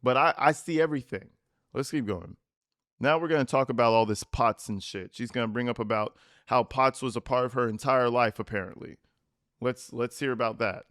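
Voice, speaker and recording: A man's voice: medium pitch, brisk, fairly bright tone, no room sound, studio quality. A man hosting a commentary channel, reacting to interview clips in a mocking, profane way. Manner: mocking, profane, reads text messages in put-on voices.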